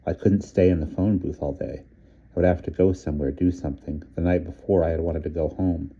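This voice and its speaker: A man reading a novel aloud in a measured, even narration. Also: deep voice, husky, muffled recording. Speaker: audiobook reader. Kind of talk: scripted narration.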